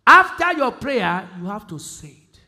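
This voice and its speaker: Male pastor, Nigerian accent, sermon delivery, high bright voice, call-and-response phrasing. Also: sing-song, unhurried. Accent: Nigerian English. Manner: call-and-response questions, repeats key phrases, swings from loud emphasis to quiet.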